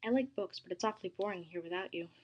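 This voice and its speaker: A woman reads the part of a bubbly teenage girl working at a library desk, talkative and friendly. The voice is soft and breathy, with a storybook reading feel. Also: medium pitch, fast, dull audio, natural voice. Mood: fond.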